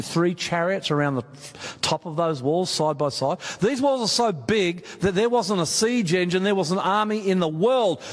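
A man's voice: sits high, long reverb tail. A man with an Australian accent preaching a sermon, emphatic and chatty, speaking straight to his audience. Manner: emphatic, conversational, addresses audience directly. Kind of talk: sermon on Bible prophecy. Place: meeting hall with audience.

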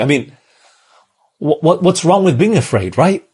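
A man's voice: fairly high pitch, expressive, measured pace, a little mellow, slightly rough. A man from Australia preaching a sermon in a conversational way, often asking the listeners questions.

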